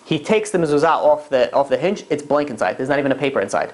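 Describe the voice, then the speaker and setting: A rabbi telling stories to a class in a casual, rambling way, full of fillers and restarts. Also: male voice, a little high, expressive, fast. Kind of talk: casual storytelling lecture.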